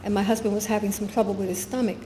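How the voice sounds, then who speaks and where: An older woman gives an earnest guest talk in a spiritual center meeting room, telling a personal story with quoted dialogue. Her mid-range voice races along in a flat delivery over a noisy background, and the room is echoey with faint ambience.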